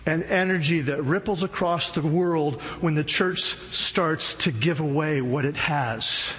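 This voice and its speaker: Slangy, joking preacher in a hall. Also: male voice, a little high, measured pace, a bit bright. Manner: casual, slangy, humorous storytelling. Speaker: pastor. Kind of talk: sermon. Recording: long hall reverb, faint noise.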